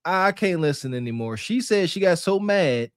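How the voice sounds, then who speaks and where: A man co-hosts a podcast with casual, mocking commentary and laughs often. His voice sits high for a man, and the recording is close and dry with no room sound. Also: animated, normal speed, smooth, no room sound. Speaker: podcast co-host.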